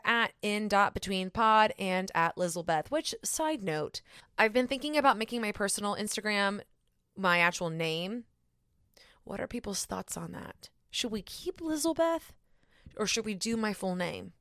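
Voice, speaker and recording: A woman's voice: medium pitch, a bit bright, clear, resonant tone, dry recording. Bubbly woman in her 30s chatting on her podcast, laughs a lot, dead dry mic. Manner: bubbly, laughs often, self-teasing. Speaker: podcast host. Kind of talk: casual solo podcast chat.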